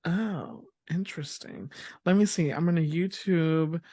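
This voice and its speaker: A woman's voice: on the low side, a little slow, warm tone, no echo, clean studio sound. A woman co-hosting a podcast in casual chat, rambling, laughing often and restarting her sentences. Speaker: podcast co-host.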